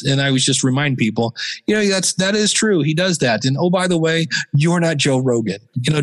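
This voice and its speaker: A man, a podcaster being interviewed, chatting casually and telling animated stories with bits of mimicry. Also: mid-range voice, in a large hall, low-quality recording. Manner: animated storyteller, jumps into mimicry. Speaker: podcaster guest.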